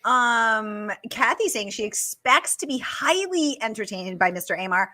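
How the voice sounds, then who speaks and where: A bubbly woman hosts a casual live-stream Q&A and reads viewer comments aloud. Her voice sits high and sounds bright and forceful. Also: expressive, moderate pace. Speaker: host.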